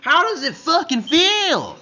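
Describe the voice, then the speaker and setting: A man doing a furious young swordsman, screaming high. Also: huge pitch swings, slow pace, faint music behind, heavily acted. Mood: enraged. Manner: shouting with profanity, high and strained. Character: furious young male swordsman hero, yelling.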